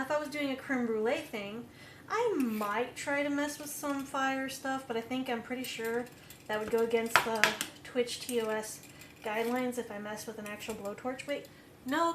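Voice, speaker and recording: A woman's voice: on the high side, background noise. A woman streaming live while cooking at home, chatting in a rambling, jokey, self-deprecating way. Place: home kitchen. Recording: echoey kitchen with clattering dishes.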